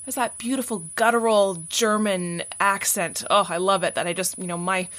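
A woman with a West Coast Canadian accent hosts her own podcast, her voice sitting at an ordinary middle pitch. She talks in a bubbly, chatty way, poking fun at herself as she introduces the show. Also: fairly even intonation, moderate pace, a bit bright, dry recording, studio quality. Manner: bubbly, chatty, self-deprecating. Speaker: podcast host.

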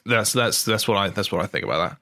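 A podcast host with a lowish voice reads a news story aloud and riffs on it. He is wry and loose, swears freely and trips over the lines. The recording is close and dry, with no room sound. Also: a little fast, sharp tone, no room sound. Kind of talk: casual comic chat reading a news story aloud.

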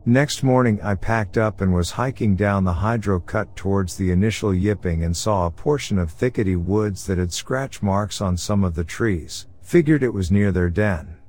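A man narrating true scary stories sent in by listeners, in a steady, low-key storytelling manner. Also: moderate pace, hardly any pauses. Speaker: podcast narrator. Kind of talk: reading listener horror stories.

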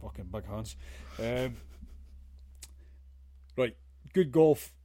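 A man's voice: medium pitch, drawn-out words, mellow, no room sound. A man co-hosting a casual podcast chat, blunt and sweary, ranting with plenty of filler. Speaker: podcast co-host.

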